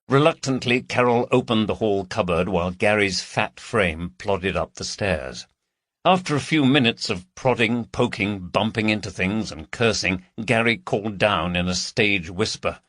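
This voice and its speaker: Man narrating a murder mystery, raspy gravelly voice, dry close mic. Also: fairly low pitch, normal speed, a bit bright, no room sound. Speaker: audiobook narrator. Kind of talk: scripted narration.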